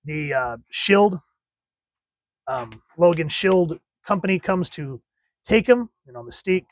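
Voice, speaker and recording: A man's voice: fairly high pitch, animated, measured pace, no room sound. A man giving a casual, enthusiastic comic book review in a chatty way.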